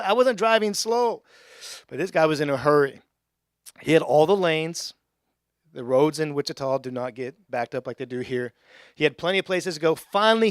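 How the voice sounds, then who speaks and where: Youngish guy pastor preaching in church, chatty, jokey, gets loud and excited, slightly high voice, dry close sound. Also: no room sound. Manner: conversational, joking asides, rising to excited shouts. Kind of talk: sermon. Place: church sanctuary.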